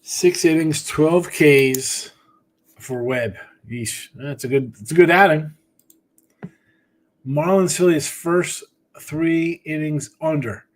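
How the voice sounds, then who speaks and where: A man's voice: a little high, takes it slowly. Rambling tired sports-betting host, man. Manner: rambling, offhand, talks to chat by name. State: tired, yawning. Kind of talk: casual live-stream chat reading viewer comments.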